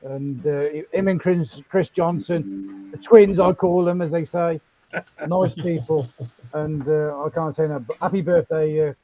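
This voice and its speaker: A man's voice: fairly high pitch, steady tone, measured pace, dull audio. A man on a video call hesitantly praising a friend for his birthday. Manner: warm praise, hesitant, with fillers. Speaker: guest on a live call. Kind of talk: birthday tribute.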